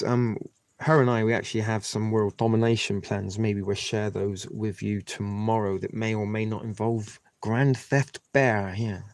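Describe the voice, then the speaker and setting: A low-pitched man with a gravelly, fry-edged voice hosts a casual live stream. He rambles in a friendly way and talks straight to his viewers. The sound is close and dry, with no room echo. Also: darkish tone. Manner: rambling, chatty, addresses viewers directly. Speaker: livestream host.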